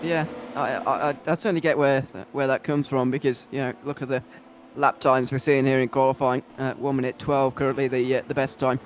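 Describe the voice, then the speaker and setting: A hoarse man co-commentating a sim race, talking in a flat monotone with many fillers. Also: medium pitch, fairly quick, a little hiss or hum.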